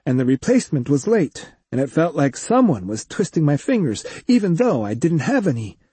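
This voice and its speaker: A man reading as a brash young cyborg woman from a storybook, her voice lifted higher and lively in pitch. She talks bluntly and teases, husky at the edges. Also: normal speed, no echo, heavily acted. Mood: recalling. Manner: brash, teasing.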